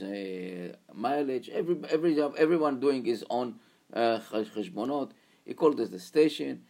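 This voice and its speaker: Gravelly man telling a story. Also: medium pitch, darkish tone. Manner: halting, repetitive, informal.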